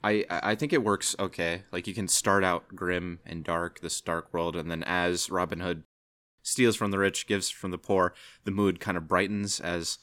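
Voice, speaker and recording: A low-voiced man talks through a film in casual podcast chat, rambling and unsure of himself. His speech keeps trailing off and circling back. The recording is dry and close, with no room sound. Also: fairly even intonation, moderate pace, a bit bright, no room sound. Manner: hesitant, rambling, many "I don't know"s. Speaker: podcast co-host. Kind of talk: casual movie review chat.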